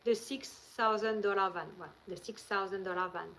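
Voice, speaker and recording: A woman's voice: mid-range voice, moderate pace, a bit bright, slight background noise, rough recording. A woman from France with a French accent, hosting a live stream and telling rambling, chatty stories into her handheld phone. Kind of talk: casual live-stream chat.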